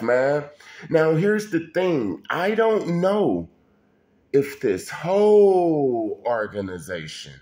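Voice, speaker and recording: Slow-talking man telling a story. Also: medium pitch, darkish tone. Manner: colloquial, addresses listener directly, frequent restarts. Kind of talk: casual personal storytelling.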